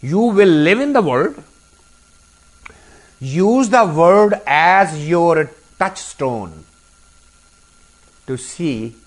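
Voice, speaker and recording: Animated middle-aged man giving a sermon. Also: a little high. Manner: animated, acts out little dialogues and asks rhetorical questions. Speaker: spiritual teacher. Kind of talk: live spiritual discourse.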